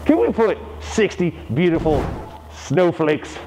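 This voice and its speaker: A man's voice: a little high, sing-song, unhurried, background noise. A man coaching a parkour tutorial in a playful way, with joking asides. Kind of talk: tutorial instruction.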